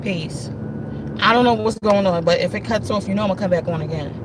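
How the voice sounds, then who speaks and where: Woman, casual livestream talk, emphatic and repetitive, speaking straight to viewers, mid-pitched, faint background hum. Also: fast talker. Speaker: livestream host.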